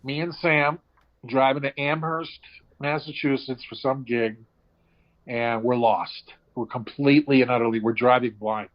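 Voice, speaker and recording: A man telling comic road stories in casual chat, acting out voices with loud outbursts. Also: mid-range voice, unhurried. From Boston area. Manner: animated storyteller, acts out voices with loud outbursts. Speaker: comedian guest. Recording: dull lo-fi sound.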